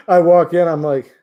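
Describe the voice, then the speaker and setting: Man, fairly high voice, livestream host, chatty, joking, rambling. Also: phone-quality sound. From Michigan. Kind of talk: casual livestream chat reading viewer comments.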